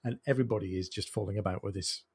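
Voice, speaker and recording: A man's voice: fairly low pitch, rapid-fire, breathy edge. A man hosting a book discussion podcast, talking through funny passages with enthusiasm. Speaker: podcast host.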